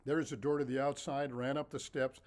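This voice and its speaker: A man telling his own childhood story to the camera, lively and animated and laughing often. He shifts easily between getting louder and dropping his voice, with a mid-range pitch. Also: moderate pace. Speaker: storyteller and author. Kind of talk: casual anecdotal storytelling.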